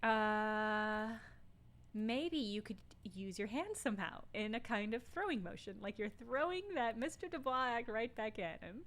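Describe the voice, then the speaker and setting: A woman's voice: a little high, animated, unhurried, fairly bright tone. A young woman streaming a video game, chatting casually and mocking herself. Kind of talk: casual gameplay commentary.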